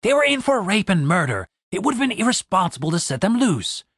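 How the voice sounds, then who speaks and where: A man's voice: high-pitched, big pitch swings, a little fast, a bit bright, slightly rough, dry recording, clean studio sound, voice pushed up, heavily acted. A man voicing a cocky, ruthless half-elf fighter who gives curt orders. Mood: sly. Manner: curt, commanding, sly.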